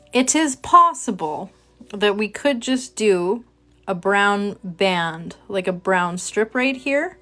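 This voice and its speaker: A livestream host chats casually with her viewers while working on a craft project, poking fun at herself as she talks to the chat. Her mid-range voice sounds a bit bright.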